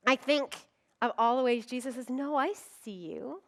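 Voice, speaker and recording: A woman's voice: high-pitched, animated, moderate pace, creaky. A middle-aged woman pastor giving a conference sermon, telling stories with humor and acting out quoted voices. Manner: humorous, with frequent laughs.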